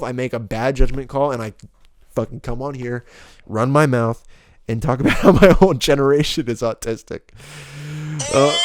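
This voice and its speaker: A man's voice: mid-range voice, animated, moderate pace, smooth, no echo, clean studio sound. Blunt, profane young man ranting. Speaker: podcast host. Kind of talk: solo rant podcast.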